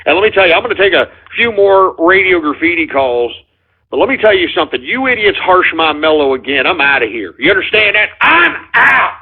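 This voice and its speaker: Gravelly, ranting male radio host. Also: sits high, very animated, fairly quick. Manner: irritable, profane, ranting. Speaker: radio host taking voicemail calls. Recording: tinny phone-like radio audio.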